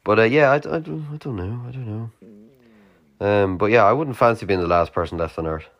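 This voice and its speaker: A young Irish man with a very low, deep voice talks through a late-night solo podcast. He rambles loosely, with plenty of "like" and casual swearing. He sounds tired, with a yawn now and then. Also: fairly quick, dull audio. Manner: rambling, sweary, filler-heavy. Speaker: podcast host.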